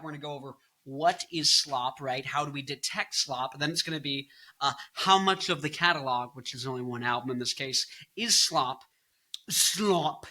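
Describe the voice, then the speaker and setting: A man in his twenties hosts a music commentary video, keeping it casual, jokey and rambling as he goofs off into silly bits. His voice is a little high, bright and forceful.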